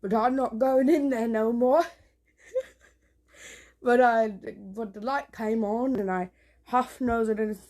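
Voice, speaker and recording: A young woman vlogging on a handheld phone at home at night, talking in a nervous, hushed, rambling way with casual swearing. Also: on the high side, steady tone, takes it slowly, pauses often. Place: small home indoors at night.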